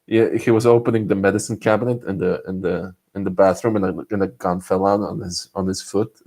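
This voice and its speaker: A man's voice: low voice, fairly even intonation, normal speed, creaky, warm tone. A man from Serbia, chatting casually on a live stream, joking and laughing often between lines.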